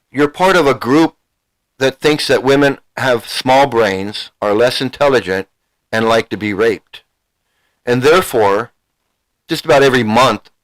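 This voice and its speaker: A YouTube commentator with a medium-pitched, fairly bright voice rants heatedly to a live chat, swearing and repeating himself as he confronts viewers. The recording quality is low.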